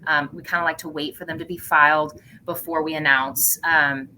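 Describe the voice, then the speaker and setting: A woman's voice: deep voice, steady tone, moderate pace, bright, forceful tone, slight background noise, poor audio. A woman on policy staff giving an upbeat, folksy update, hesitating with fillers. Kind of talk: casual online update talk.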